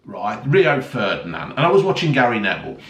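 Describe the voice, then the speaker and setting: Heated, sarcastic vlogger ranting with lots of swearing; recorded in an echoey room, set back from the mic. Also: male voice, medium pitch, big pitch swings, a little fast, a bit bright, recorded from a distance. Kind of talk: angry ranting monologue. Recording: roomy, voice a bit off-mic.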